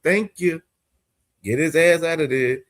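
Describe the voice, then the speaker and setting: A man hosting a casual boxing commentary stream, talking in with profane banter and frequent loud laughing fits. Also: a little high, unhurried. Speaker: boxing show host.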